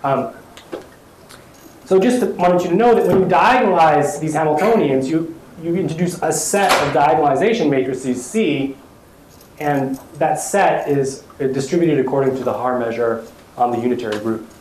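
A man's voice: fairly high pitch, normal speed, a little mellow, a little hiss or hum. A young man giving an academic lecture with slides, talking with many fillers and restarts.

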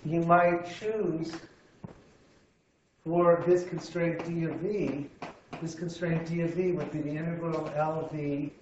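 A man's voice: a little high, steady tone, a little mellow, slight background noise. A man giving a university physics lecture, thinking aloud and often stopping to restart his sentences. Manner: halting, repeats words, thinks aloud. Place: lecture room. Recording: echoey room, slightly dull sound.

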